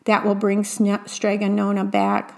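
A woman's voice: medium pitch, a little slow, gravelly. A woman playing a clever young witch apprentice. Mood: sensible. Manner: calm, sensible, a little stern.

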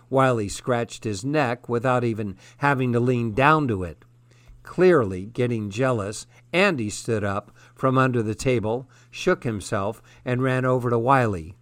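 A man narrating a first-person story in a measured, steady way. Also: medium pitch, no room sound. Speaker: audiobook narrator.

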